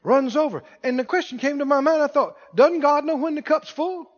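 A man preaching a sermon in call-and-response style, building to shouted emphasis. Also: very high-pitched, a little fast, in a large hall, dull audio. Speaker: pastor.

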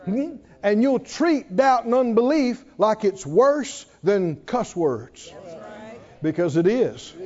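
Animated preaching man, high lively voice. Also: slow pace, highs cut off. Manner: animated preaching, rising to near-shouts and dropping to hushed tones; laughs between lines. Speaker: pastor. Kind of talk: sermon.

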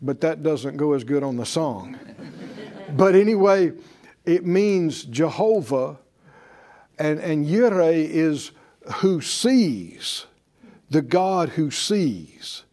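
Slow, deep-toned older preacher. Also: male voice, lively intonation, a little mellow. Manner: folksy, chuckling, rhetorical questions. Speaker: preacher and teacher. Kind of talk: sermon-style Bible class.

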